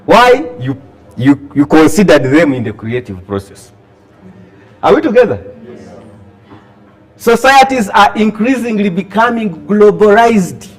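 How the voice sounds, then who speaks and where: A Ugandan man with a high, swooping voice talks to a workshop of young writers. He acts out little scenes and keeps pulling the audience in with questions. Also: measured pace, long pauses. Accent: Ugandan English. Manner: lively, asks the audience questions, acts out dialogue. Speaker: scriptwriter and workshop speaker. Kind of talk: animated talk to an audience.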